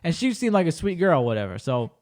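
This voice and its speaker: A man's voice: on the high side, a little fast. Man animatedly retelling a wild night. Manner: animated, acts out quoted dialogue with shifting voice; profane and blunt. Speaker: podcast host. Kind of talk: casual storytelling chat.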